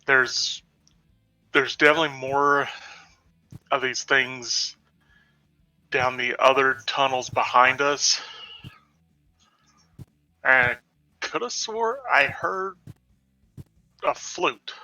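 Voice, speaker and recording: A man's voice: medium pitch, slow pace, long pauses, pushed and bright, distant mic, soft background music, rough recording. A man playing a tabletop game, talking hesitantly with many fillers. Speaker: player. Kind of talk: tabletop game play, in character.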